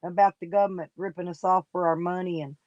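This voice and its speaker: A woman's voice: fairly low pitch, fairly even intonation, fast, a little mellow, no room sound, dull audio. A woman, sniffly and coughing, chatting casually and folksily with viewers on a live stream. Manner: folksy, rambling, talks straight to chat by name.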